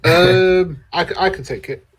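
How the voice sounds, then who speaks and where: A man's voice: high-pitched, measured pace. A man co-hosting a casual movie-ranking chat, stammering through blunt opinions. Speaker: podcast co-host.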